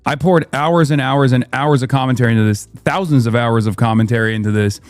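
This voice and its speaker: An earnest man lays out political analysis in long, fluent runs of speech. His voice sits at a middling pitch and sounds close and dry. Faint music plays underneath. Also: a little fast, no echo. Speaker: political commentator. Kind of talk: political commentary.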